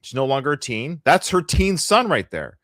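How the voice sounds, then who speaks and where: A man's voice: on the high side, very animated, normal speed, a bit bright, no room sound, clean studio sound. A middle-aged Canadian man co-hosting a live podcast, chatting casually with a joking, rambling, sarcastic manner. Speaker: podcast co-host.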